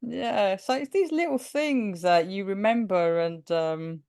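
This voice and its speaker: A woman of Greek descent who teaches primary school is a guest in a casual interview, telling stories and acting out the dialogue with frequent laughter. Her voice is medium-pitched, clear, and resonant, and she speaks a little slowly.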